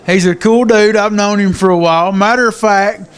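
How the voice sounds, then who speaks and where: A man's voice: high voice, fairly even intonation, moderate pace. Laid-back man hosting a talk show. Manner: folksy, easygoing, laughs often. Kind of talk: casual interview chat. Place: live in a pizzeria.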